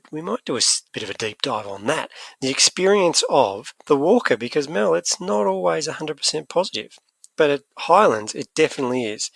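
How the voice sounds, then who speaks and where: An Australian man co-hosting a podcast in casual, animated chat. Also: mid-range voice, creaky, dry recording. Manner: chatty, animated, laughs easily. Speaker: podcast co-host.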